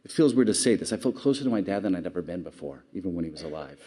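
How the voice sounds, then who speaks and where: A man's voice: sits low, expressive, rapid-fire, warm tone, slightly rough. A man giving an earnest public speech, telling stories and asking the audience questions. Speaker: award speaker.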